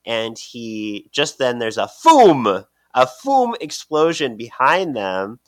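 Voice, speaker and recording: A man co-hosting a podcast, chatting playfully through a comic book recap and quick to laugh. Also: mid-range voice, wildly swooping pitch, dry recording. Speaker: podcast co-host.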